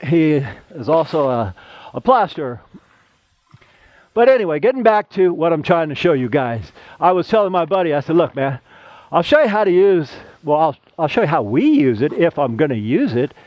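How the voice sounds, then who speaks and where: A man's voice: fairly high pitch, sing-song, moderate pace, no room sound, dull audio. A middle-aged man, a plasterer, giving a casual how-to demonstration, chatty and rambling into side stories.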